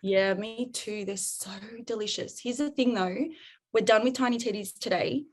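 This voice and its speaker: A parenting coach being interviewed on a podcast talks animatedly, acting out scenes by role-playing both parent and child. Her voice is on the high side, at a moderate pace.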